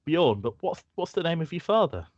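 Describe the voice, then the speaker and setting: A man voicing a friendly, chatty woman who drives a cart, pitching his voice up for her. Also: big pitch swings, fairly quick, a little mellow, dry recording, muffled recording. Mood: friendly, curious. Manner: raised pitch for a female voice.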